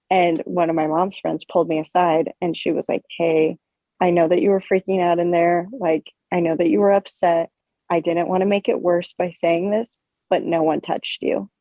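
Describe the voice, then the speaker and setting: A young woman co-hosting a podcast, telling a story in a casual, animated way, full of fillers and swearing. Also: lowish voice, no room sound, poor audio. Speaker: podcast co-host.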